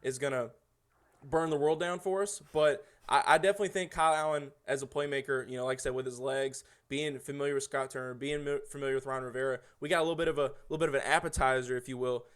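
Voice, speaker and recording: A man's voice: medium pitch, fairly even intonation, fast talker, a bit bright, smooth. A man guesting on a casual sports podcast, often restarting his sentences with repeated words.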